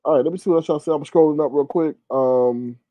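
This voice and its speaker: A man's voice: fairly high pitch, steady tone, fast, dry recording, dull audio. A man hosting a live stream, chatting casually with his viewers as he reads comments aloud, exclaiming and laughing often. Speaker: live stream host reading chat.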